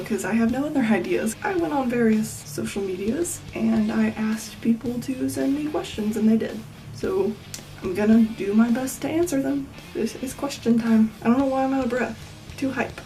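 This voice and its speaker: An eighteen-year-old woman talks through a casual home vlog at night, deadpan and self-mocking, sometimes sinking to a whisper. Her voice sits a bit high and mellow. She sounds a little far from the microphone, with faint music playing underneath. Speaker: vlogger.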